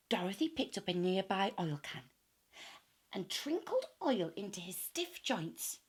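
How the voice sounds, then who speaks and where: A woman reading a children's story aloud in an expressive, animated way. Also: medium pitch, measured pace, husky.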